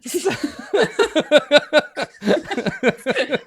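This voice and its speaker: Playful, animated game master man. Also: very high voice, very slow. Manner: playful, laughs often while narrating. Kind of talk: narrating a tabletop game.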